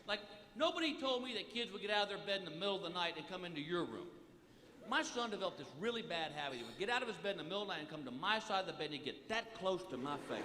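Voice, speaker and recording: A middle-aged man doing a live stand-up routine, telling exasperated family stories broken by high yelping outbursts. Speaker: stand-up comedian. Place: large theater stage before a live audience. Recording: echoey hall, loud audience laughter. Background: loud crowd laughter and applause.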